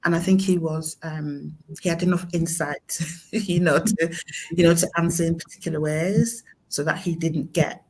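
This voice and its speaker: Low-voiced middle-aged woman, halting. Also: steady tone, a little mellow, breathy edge. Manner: halting, many fillers and restarts. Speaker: guest, mother of a son with mental illness. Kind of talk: emotional personal story in conversation.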